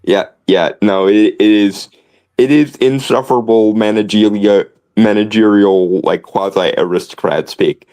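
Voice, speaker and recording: A man's voice: lowish voice, unhurried, warm tone, rough recording. A man co-hosting a podcast in casual commentary, sardonic and wordy, often restarting phrases. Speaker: podcast co-host.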